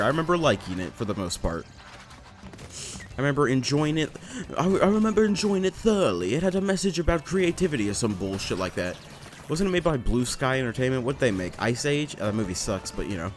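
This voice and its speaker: A young man at his home desk mic, talking through a platform game in a loose, rambling way. He trails off and restarts, pokes fun at himself and swears casually, in a voice of ordinary middle pitch. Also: big pitch swings, fairly quick, soft background music. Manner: rambling, self-deprecating, swears often. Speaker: let's play gamer. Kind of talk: casual gameplay commentary.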